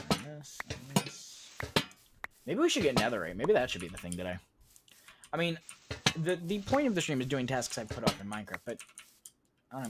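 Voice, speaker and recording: A young man talks loosely through a gaming stream, drifting from one random tangent to the next. His tone is casual and self-mocking, at a middling pitch. Loud game sounds run underneath his voice. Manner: rambling, tangent-prone, self-deprecating. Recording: loud game noise behind voice.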